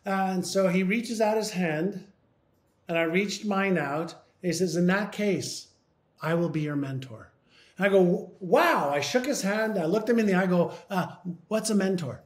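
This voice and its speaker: A man's voice: high voice, normal speed, roomy sound. A man from Canada telling a personal story in an interview, acting out both sides of a remembered conversation. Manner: animated retelling, acting out both sides of the dialogue. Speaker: interview guest.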